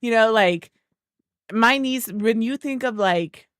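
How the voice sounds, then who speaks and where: A woman's voice: on the high side, takes it slowly, clean tone, no echo. A chatty woman streamer, dry close sound. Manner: rambling, chatty storytelling; greets viewers by name mid-sentence. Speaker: game streamer. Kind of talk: casual chat with live chat.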